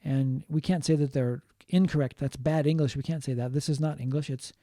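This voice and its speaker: A man lecturing on linguistics in a mellow, fairly high voice, recorded dry and close. He explains patiently, repeating key points and slipping in short Japanese glosses. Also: fairly even intonation, fairly quick, no echo. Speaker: linguistics teacher. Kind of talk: online lecture.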